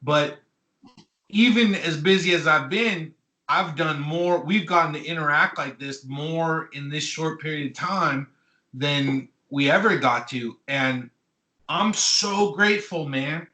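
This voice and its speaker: Bright, eager man in an echoey room. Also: fairly high pitch, measured pace. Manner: enthusiastic, rambling storyteller. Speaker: podcast co-host. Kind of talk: casual late-night chat.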